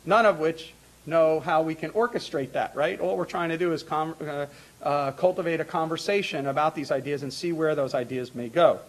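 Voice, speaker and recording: A middle-aged man introducing a panel in a lecture hall, talking informally with many fillers, restarts and asides. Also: on the high side. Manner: informal asides with light laughter.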